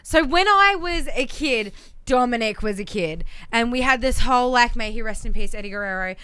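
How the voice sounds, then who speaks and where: A woman's voice: fairly high pitch, animated, moderate pace, bright, forceful tone, smooth. An Australian woman co-hosting a podcast, playful and enthusiastic with plenty of slang. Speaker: podcast co-host. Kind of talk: casual chat.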